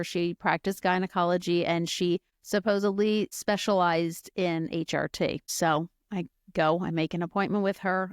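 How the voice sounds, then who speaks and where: A woman's voice: medium pitch, clean tone, dry recording, clean studio sound. A middle-aged woman hosting a podcast, telling her personal story in a candid, chatty way full of fillers and asides. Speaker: podcast host.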